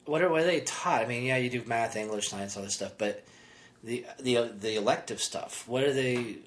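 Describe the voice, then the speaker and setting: A man's voice: medium pitch, moderate pace, a little hiss or hum. A man co-hosting a podcast, talking casually with a rambling, sarcastic manner and frequent restarts. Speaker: podcast co-host. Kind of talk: casual chat.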